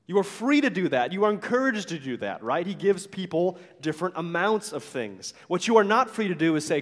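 A man's voice: high-pitched, big pitch swings, a little fast, few pauses, in a large hall. A man preaching a sermon as a pastor, talking in a conversational way with frequent "right?" asides and acting out the complaints he quotes.

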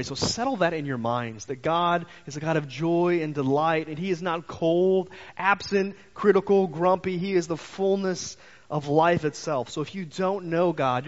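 A man preaching a sermon as pastor, telling stories in an animated way and briefly acting out the voices he quotes. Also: on the high side. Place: church sanctuary. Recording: muffled church hall reverb.

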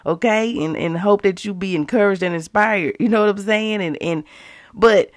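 A woman's voice: mid-range voice, moderate pace, no room sound, studio quality. A woman with speech, a mother, teaching a casual devotional and talking straight to her listeners with emphatic, conversational energy. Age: adult with children. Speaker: Christian devotional host.

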